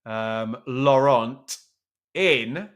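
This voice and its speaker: Very slowly and in a mid-range, slightly bright voice, a man hosts a live football watch-along. He chats casually, pokes fun at himself, and reads viewers' comments aloud to answer them.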